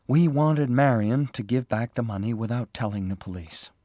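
A man's voice: medium pitch, normal speed, warm tone, dry recording, studio quality, voice pushed up, lightly acted. A man voicing a worried young woman who is searching for her missing sister, pleading and emotional. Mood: anxious.

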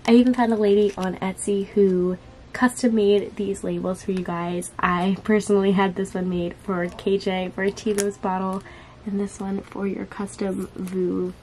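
A woman's voice: medium pitch, little pitch movement, normal speed, a little mellow, slight background noise. A young woman filming a casual vlog to camera, bubbly and gushing as she talks about her sister. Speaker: vlogger, sister of the bride-to-be.

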